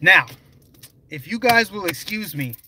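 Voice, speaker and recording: A man's voice: high voice, animated, a little slow, pushed and bright, slight background noise, rough recording. A young man live streaming, talking emphatically and directly to his viewers in a conversational way. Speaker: political vlogger.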